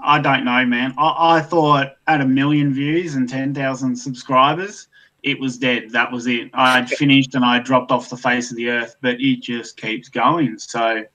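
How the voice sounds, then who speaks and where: An Australian man with a bright, forward tone talks loosely over a video call. He rambles and fills gaps with ums. He puts himself down with an easygoing shrug. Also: mid-range voice, steady tone, normal speed, rough recording. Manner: self-deprecating, rambling with many fillers. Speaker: guest YouTuber. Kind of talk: casual chat.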